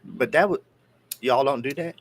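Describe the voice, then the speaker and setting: A man from near the Georgia-Tennessee border co-hosts a casual podcast, telling rambling, profane, jokey stories in a Southern accent. His voice is mid-range and moderately paced.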